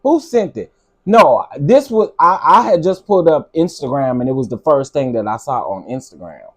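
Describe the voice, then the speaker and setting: A man's voice: medium pitch, animated, moderate pace. A middle-aged man hosting a casual live commentary stream, exasperated and ranting as he answers his chat. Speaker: livestream commentary host.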